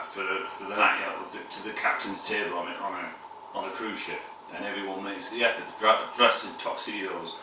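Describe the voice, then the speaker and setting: A lower-pitched man with a northern English accent and a very bright tone rambles to camera in a casual vlog, hesitant, full of fillers and restarts, chuckling between phrases. He sounds set back from the mic in a very echoey room. A faint hiss sits under his voice. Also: distant mic. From north of England.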